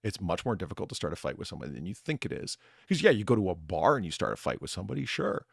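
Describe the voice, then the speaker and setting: A man's voice: low voice, very fast, vocal fry, breathy edge, no echo, clean studio sound. A man hosting a casual chat, telling stories with lots of laughter and acting out bits of dialogue, swearing casually. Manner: animated storyteller, laughs often, acts out lines. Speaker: podcast host, bartender persona.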